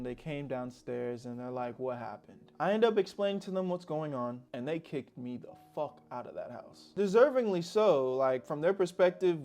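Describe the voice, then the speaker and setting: A man's voice: fairly high pitch, a little mellow. A young man narrating a personal story in a candid, slangy, reflective way. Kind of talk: casual storytelling.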